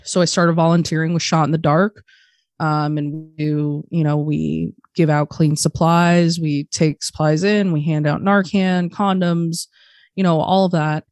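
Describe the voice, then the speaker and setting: A woman guest on a podcast, telling her story candidly in casual chat, swearing freely and speaking quickly. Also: low voice, little pitch movement, a little mellow, no room sound.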